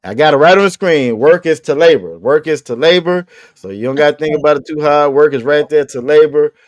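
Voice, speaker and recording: A man's voice: on the high side, brisk, no room sound. A man teaching an online language class, patiently repeating his questions and joking casually with his students.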